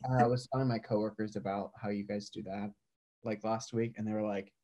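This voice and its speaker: A man's voice: on the low side, fairly even intonation, fairly quick, warm tone. A young man co-hosting a podcast in casual chat, easygoing, laughing along and leaning on fillers. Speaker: podcast co-host.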